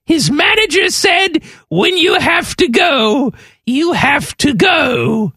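A woman's voice: high-pitched, sing-song, slow pace, fairly bright tone, no room sound, shouting. A woman co-hosting a radio show, reading a funny news story in a dramatic, emphatic way. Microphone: studio microphone.

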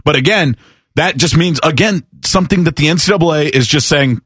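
A man's voice: on the high side, fairly quick, fairly bright tone, slightly rough, no echo, studio quality. A man co-hosting a casual sports talk show, reading news items aloud and riffing on them with wry jokes.

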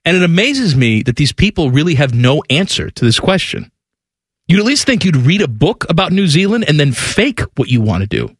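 A man's voice: a little high, very animated, a little fast, slightly rough, no room sound, studio quality. A man co-hosting a radio show, telling stories in casual banter and laughing at his own bits.

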